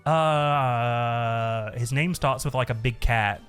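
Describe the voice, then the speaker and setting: A man's voice: medium pitch, slow, fairly bright tone, soft background music. A man streaming live, chatting casually in a rambling way, swearing a lot and laughing often.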